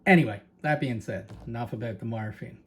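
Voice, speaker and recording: A man's voice: mid-range voice, a little fast, breathy edge. A man with a Canadian accent, hosting his own channel, talks casually and rambles, repeating words and turning to his viewers with asides. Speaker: channel host. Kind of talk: casual talk to camera.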